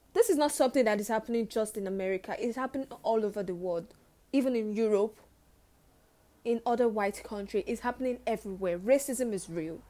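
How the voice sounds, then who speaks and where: A woman's voice: mid-range voice, dark tone. A young woman hosting her own podcast, talking earnestly and emotionally, often repeating phrases for emphasis. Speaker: podcast host. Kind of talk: personal podcast monologue.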